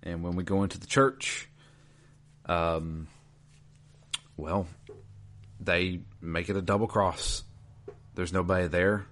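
A man with a very deep voice talks through a video game story in easygoing chat. He rambles a little and fills gaps with ums and uhs as he goes. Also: slow, long pauses. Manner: relaxed, rambling, filler-heavy.

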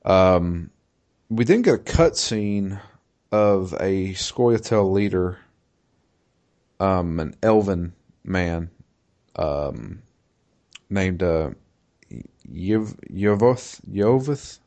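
A man in casual chat, recapping a game in a halting way with many fillers and restarts. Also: sits low, animated, a little mellow. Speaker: podcast co-host recapping a video game.

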